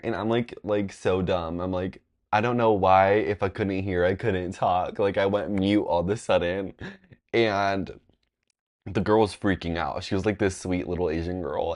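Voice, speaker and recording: Young man with a low voice, rambling. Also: fairly even intonation, moderate pace. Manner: rambling, filler-heavy storytelling with lots of "like"; jumps into high, loud voices when quoting people. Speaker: vlogger. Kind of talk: casual storytime monologue.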